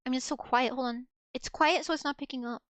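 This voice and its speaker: A woman VTuber chatting casually on a live stream, rambling and self-mocking, with a soft girlish voice. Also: sits high, steady tone, fast talker, no room sound.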